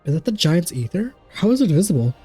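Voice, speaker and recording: A man's voice: sits high, very animated, fast, dark tone, slightly rough, dry recording, faint music behind, voice pushed up, heavily acted. A man reading a defiant young male hero's lines from a video game in close to his own voice. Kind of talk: reading game dialogue aloud.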